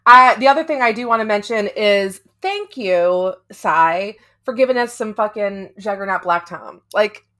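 A woman's voice: mid-range voice, expressive, moderate pace, hardly any pauses, pushed and bright. A woman co-hosting a casual comics podcast, chatting in a rambling way with casual swearing. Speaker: podcast co-host.

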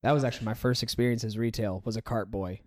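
Joking young American podcast host. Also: male voice, on the low side, fairly even intonation, fast. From United States. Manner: loose, joking, swears freely, laughs often. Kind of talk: casual podcast chat.

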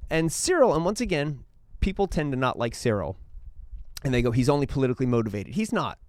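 A man giving a casual, lecture-style talk on church history, telling it as a lively story with quick changes of tone. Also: dry recording. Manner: animated storytelling, acts out quotes with shifting pitch.

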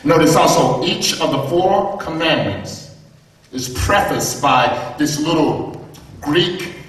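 A man's voice: a little high, animated, slow, a bit bright. Male pastor, emphatic sermon delivery, distant mic in a roomy hall. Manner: emphatic preaching with rising repeated phrases and questions to the congregation. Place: church sanctuary. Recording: echoey church heard from a distance.

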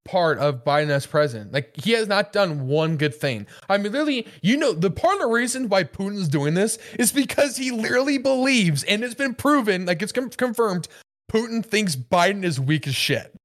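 Guy co-hosting a podcast, kinda high voice, swears a lot and mocks people. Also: animated, normal speed. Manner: profane, mocking, doing voices for quoted people. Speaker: podcast co-host. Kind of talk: casual podcast chat.

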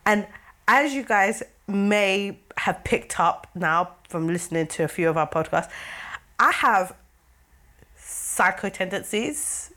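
A young woman co-hosting a casual couples' podcast, animated and laughing often as she acts out scenes. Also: medium pitch, takes it slowly. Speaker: podcast co-host.

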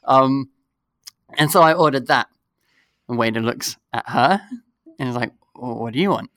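A man's voice: medium pitch, normal speed, no room sound. Young man, casual chat, laughing storyteller, dry recording. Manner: animated, laughs through his story, acts out quoted voices. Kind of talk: casual chat, telling a funny date story.

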